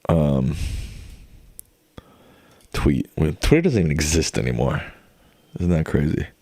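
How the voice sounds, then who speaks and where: Unhurried and sing-song, the young streamer's voice rumbles low with a warm tone and no echo. He chats casually with viewers in a rambling, laid-back manner, using lots of fillers and restarting often.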